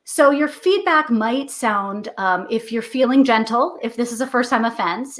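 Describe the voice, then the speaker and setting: In a chatty, explanatory interview, a middle-aged author offers parenting advice, performing the words of parents and kids alike. She speaks at a normal speed with few pauses, in a slightly high, somewhat bright voice.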